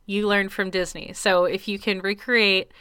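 A woman's voice: mid-range voice, little pitch movement, moderate pace, pushed and bright, smooth, dry recording. A woman co-hosting a podcast in casual chat, with dry, teasing banter. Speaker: podcast co-host.

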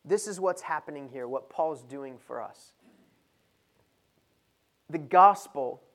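Male preacher, sermon delivery, rises to emphatic peaks. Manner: builds from low and measured to loud and emphatic.

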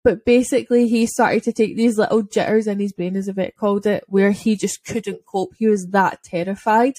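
A woman's voice: medium pitch, steady tone, normal speed, mellow, no room sound. A woman telling a dog-walking story in a casual podcast chat, chatty and full of "like" fillers. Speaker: dog owner and podcast speaker.

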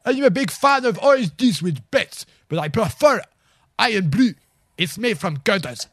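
A man puts on a gruff, impatient Scottish delivery man who shouts and repeats himself. The voice sits well above the performer's own and leaps around as he bellows. The sound is close and dry. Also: high voice, very animated, normal speed, dry recording, pitched above the performer's own voice, full character voice. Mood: boastful. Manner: loud, pushy, repetitive bellowing.

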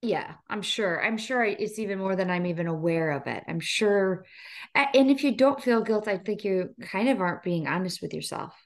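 A woman's voice: medium pitch, animated, moderate pace. A woman wellness coach co-hosting a podcast, chatting in a playful, reassuring, talkative way. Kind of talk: casual podcast chat.

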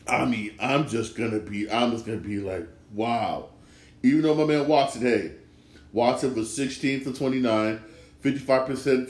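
A man's voice: mid-range voice, darkish tone. Emphatic man in an echoey room. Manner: emphatic and repetitive, circling back to his points. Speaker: sports podcast host. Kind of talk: casual solo sports talk.

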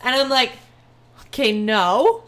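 A young woman co-hosting a podcast, telling a travel story in an animated, exaggerating way with plenty of swearing. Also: fairly high pitch, takes it slowly. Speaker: podcast co-host. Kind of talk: casual storytelling chat.

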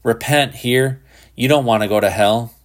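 A man's voice: medium pitch, normal speed, lightly acted. A man voicing an eager young boy who pleads. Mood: pleading.

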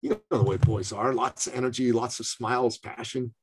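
A middle-aged man from Canada telling a personal story in conversation, animated and acting out the voices of others. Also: medium pitch, normal speed, husky. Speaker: speaker and business coach.

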